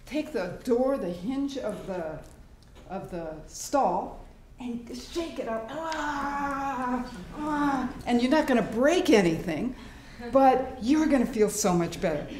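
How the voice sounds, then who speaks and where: A woman presenting a live workshop in a hospital meeting room, animated and demonstrative, acting out sounds and inner voices as she teaches. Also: mid-range voice. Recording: echoey room, faint background noise.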